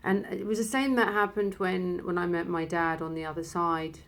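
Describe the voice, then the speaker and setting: A woman's voice: on the low side, fairly even intonation. Emotional woman telling a personal story. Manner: emotional, halting, with many restarts. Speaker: vlogger.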